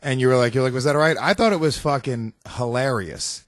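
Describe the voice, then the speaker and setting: A man's voice: medium pitch, fairly quick, dry recording, clean studio sound. A man co-hosting a podcast in casual chat, eager, teasing and profane. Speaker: podcast co-host.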